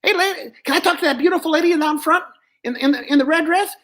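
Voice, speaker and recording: A man doing a cheeky high-pitched ventriloquist dummy. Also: fast, fairly bright tone. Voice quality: high, brash, teasing. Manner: flirts with and ribs the audience. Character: impish wisecracking little male dummy. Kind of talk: ventriloquist act demonstrated in an interview.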